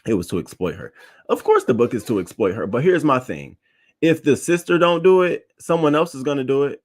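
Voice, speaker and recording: A man's voice: medium pitch, expressive, a little fast, a little mellow. A man hosting a celebrity news show, giving blunt, opinionated commentary and reading his live chat, swearing freely and repeating points for emphasis.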